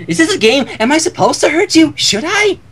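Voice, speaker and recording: A man voicing a hyper, cheerful pink female pony who talks in bubbly, excited yells. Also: extremely high pitch, brisk, pitched above the performer's own voice, heavily acted.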